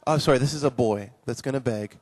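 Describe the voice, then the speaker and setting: A man teaching children at a live conference session, animated and playful, praising his young volunteers. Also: medium pitch, fast talker. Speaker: children's ministry speaker.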